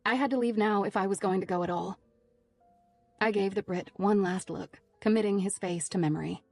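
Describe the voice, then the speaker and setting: A woman's voice: medium pitch, brisk, gravelly, a little mellow, soft background music. A woman narrating a thriller audiobook in the first person, tense and driven.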